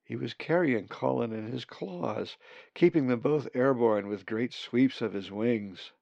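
Slow, gravelly male storyteller. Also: medium pitch, warm tone, no room sound, dull audio. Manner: slow, measured reading. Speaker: narrator. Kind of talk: storybook narration.

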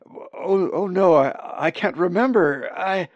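A man's voice: medium pitch, no room sound, natural voice. A man voicing a hurt, confused young male raven who stammers, recorded dry and a little dull. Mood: dazed, frightened. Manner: halting, stammering.

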